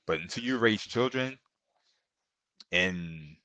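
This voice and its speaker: A man's voice: low voice, animated, slow, pushed and bright, no echo. A middle-aged man, a podcast guest, telling earnest and emotional stories in a casual interview, often repeating himself and calling the host bro.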